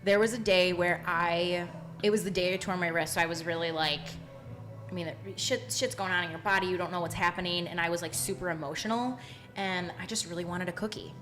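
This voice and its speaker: A young woman hosting a casual podcast, telling expressive stories with lots of "like.". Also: on the low side, a little fast, faint music behind. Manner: chatty, expressive storyteller with frequent "like" and bursts of laughter. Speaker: podcast host.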